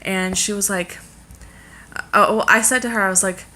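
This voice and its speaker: Young pregnant woman rambling on her vlog, bright voice, lots of ums. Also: mid-range voice, steady tone, moderate pace. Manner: chatty, rambling with fillers. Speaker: vlogger. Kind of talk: casual chat to camera.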